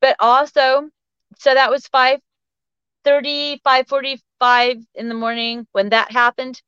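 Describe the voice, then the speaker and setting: A woman's voice: sits high, little pitch movement, unhurried, a bit bright, clean tone, dry recording. A woman guest telling personal stories in a rambling way, with lots of fillers and restarts. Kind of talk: casual storytelling interview. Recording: dull lo-fi audio.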